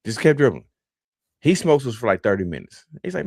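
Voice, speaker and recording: A man's voice: mid-range voice, big pitch swings, a little fast, darkish tone, no echo. A man hosting a podcast, telling a laid-back, rambling story with many fillers, close to the mic. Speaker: podcast host. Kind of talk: casual storytelling.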